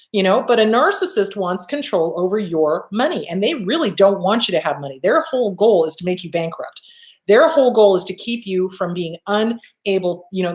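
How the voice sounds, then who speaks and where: Woman host, mid pitch, blunt and emphatic, casual swearing, live Q&A advice talk, echoey room. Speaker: host answering viewer questions. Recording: roomy echo.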